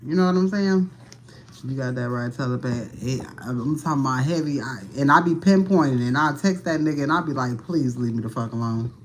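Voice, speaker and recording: A woman's voice: very deep voice, fairly quick, a little hiss or hum. A woman giving a casual livestream tarot reading, talking in a blunt, profane, slangy way and sounding tired and annoyed. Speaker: tarot reader.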